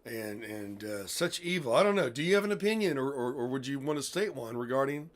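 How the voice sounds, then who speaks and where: A man hosting a casual interview, talking emphatically and excitably and laughing often. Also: medium pitch, fairly quick. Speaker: host.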